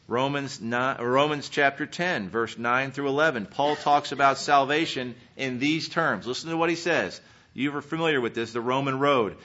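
A man preaching a sermon, earnestly reading scripture and swinging between emphatic peaks and quiet, searching questions. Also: medium pitch, moderate pace. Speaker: pastor. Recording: dull lo-fi sermon recording.

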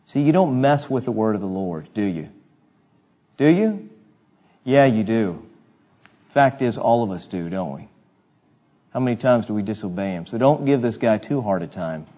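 A man's voice: fairly low pitch, lively intonation, normal speed, long pauses, warm tone, muffled recording. A male pastor preaching an expository sermon, reading scripture and asking his congregation rhetorical questions in a conversational way.

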